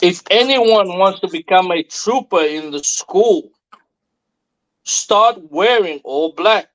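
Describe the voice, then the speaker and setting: Male class leader reading out formal announcements in a slow, measured way. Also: sits high, lively intonation, a bit bright, rough recording. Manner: measured, formal, ceremonial call-outs.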